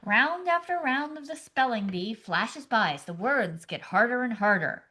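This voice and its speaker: A woman's voice: fairly high pitch, animated, moderate pace, pushed and bright. A woman co-hosting a comedy podcast, sarcastic and acting out screaming parents in her jokes. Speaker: podcast co-host.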